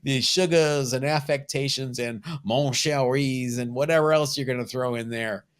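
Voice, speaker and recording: A man's voice: mid-range voice, steady tone, normal speed, clear, resonant tone. Wry male comic podcast host. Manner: wry, joking. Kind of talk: casual chat.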